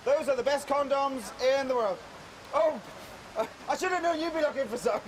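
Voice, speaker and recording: Addressing a crowd outdoors in a big public square, a Northern Irish public art participant jokes and teases cheekily. He speaks at a normal speed in a very high voice with lively intonation, against a noisy background.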